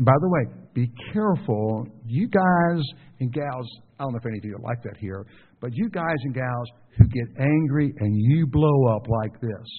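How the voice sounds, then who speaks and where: A man preaching a sermon in a conversational way, asking the congregation questions and acting out the people he quotes. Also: medium pitch. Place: church. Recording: phone-like sound with long hall reverb.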